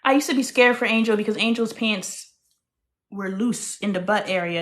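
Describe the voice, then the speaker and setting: Frank, animated woman in her thirties, host of a casual live-stream monologue, loud one moment and hushed the next. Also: fairly high pitch, moderate pace.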